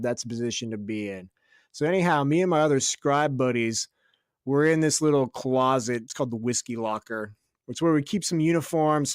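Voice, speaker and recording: A man's voice: mid-range voice, dry recording, clean studio sound. A young man co-hosting a podcast, telling a story in casual chat, swearing freely and laughing as he goes. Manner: profane, laughing storyteller doing quick voices of others. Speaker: podcast co-host.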